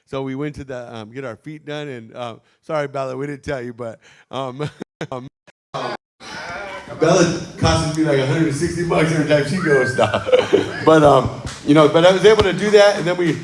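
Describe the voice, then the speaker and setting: This pastor's voice sits a little high and moves at a moderate pace as he shares relaxed stories with his congregation. He tells them warmly and chattily, dropping in plenty of "um" and "amen," and the livestream from the sanctuary carries a roomy church echo.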